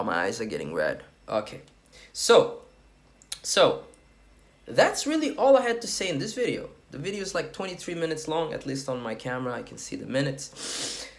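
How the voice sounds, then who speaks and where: A man coaching on approaching women, talking bluntly and crudely and checking in with "okay?" as he goes, while sweating. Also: high voice. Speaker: dating coach. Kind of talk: casual talking-head advice.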